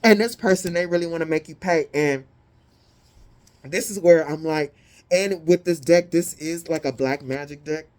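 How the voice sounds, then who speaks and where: A woman giving a casual tarot reading, blunt, profane and sassy, with animated indignant peaks. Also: deep voice, moderate pace. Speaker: tarot reader.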